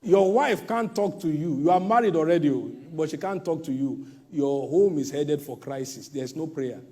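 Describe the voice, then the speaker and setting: High, lively-voiced male pastor preaching. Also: normal speed. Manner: emphatic preaching, swinging between shouts and hushed asides. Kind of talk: sermon.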